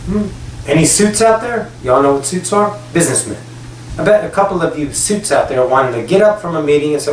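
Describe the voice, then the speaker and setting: A man's voice: on the high side, lively intonation, normal speed. A man giving a channeled spiritual message, speaking as a collective "we", emphatic and repetitive, casual and blunt with some swearing. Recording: roomy echo, distant from the mic, faint noise.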